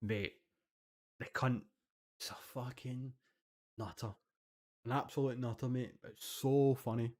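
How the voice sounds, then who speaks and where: A man with a Scottish accent, co-hosting a podcast and telling animated stories full of swearing. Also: medium pitch, unhurried, long pauses. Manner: animated storytelling, heavy swearing. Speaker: podcast co-host. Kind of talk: casual chat.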